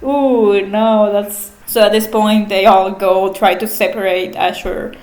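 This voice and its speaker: Slow-talking chatty woman, echoey room. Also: medium pitch, steady tone, darkish tone, slight background noise. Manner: chatty, swears, laughs often. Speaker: vlogger. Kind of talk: casual book recap.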